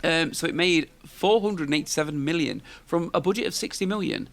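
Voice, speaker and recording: A man's voice: on the high side, a little fast, gravelly, a bit bright. A man, hosting a podcast in casual, rambling chat and tossing questions to his co-host. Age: 40s.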